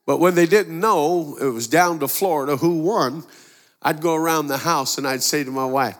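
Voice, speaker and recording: A man's voice: fairly high pitch, moderate pace, fairly bright tone. Man preaching a folksy sermon in a reverberant church. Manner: folksy, conversational preaching with quoted dialogue. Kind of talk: sermon with storytelling. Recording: long hall reverb.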